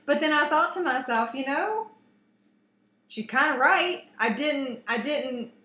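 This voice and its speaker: A woman in her thirties chats as a co-host, telling a lively story full of fillers and restarts. Her voice is bright and carries a roomy echo. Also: high voice, measured pace. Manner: animated storyteller, chatty with many fillers and restarts. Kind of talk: casual chat. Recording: echoey room.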